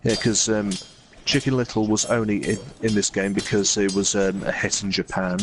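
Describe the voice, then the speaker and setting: A man commentating casually over gameplay, sharing trivia in a relaxed, halting way. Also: lowish voice, background noise. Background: game music.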